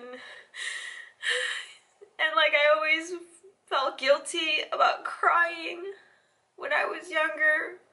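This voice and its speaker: Young woman vlogger, bright tense tone, emotional and halting, fading to near-whispers at times. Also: high-pitched. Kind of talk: confessional personal vlog.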